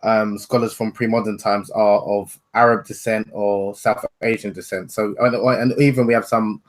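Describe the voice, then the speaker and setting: Relaxed male author, frank talker. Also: lowish voice, moderate pace. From Nigeria. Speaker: author, interview guest. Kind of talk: casual video interview chat.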